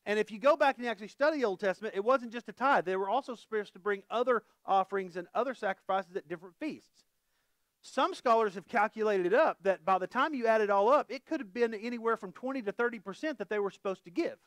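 A man's voice: sits high, fast talker, fairly bright tone, no room sound, clean studio sound. A middle-aged man preaching a conversational sermon as pastor, folksy and quizzing the congregation with questions.

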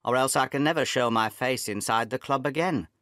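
A man's voice: mid-range voice, a little fast, fairly bright tone, dry recording, natural voice. Proud young man in debt, pleading then defiant, audiobook reading, a man voicing him, dry close sound.

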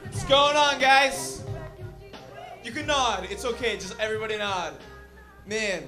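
A man's voice: high-pitched, unhurried, over music. A man doing a stand-up comedy set in a lounge, rambling and swearing with many fillers. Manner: rambling, profane, frequent fillers.

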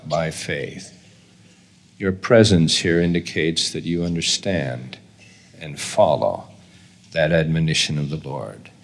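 An older man giving a formal devotional sermon in a slow, measured, deliberate way. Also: sits low. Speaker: church leader giving a devotional address.

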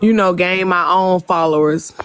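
A woman's voice: fairly low pitch, fairly even intonation, normal speed, fairly bright tone. A woman chatting on a livestream, talkative and emotional, who admits she overtalks people. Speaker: livestream guest. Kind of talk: casual livestream chat.

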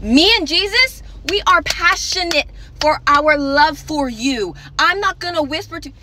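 A woman's voice: high voice, a little slow, pushed and bright, a little hiss or hum. A young woman preaching online, fervent and emphatic, with casual slang and urgent repeated warnings. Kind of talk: impassioned preaching to camera.

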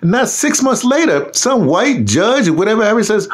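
An American man, hosting a casual conversation, animated and laughing often as he mimics voices. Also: sits high, normal speed. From United States. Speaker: host.

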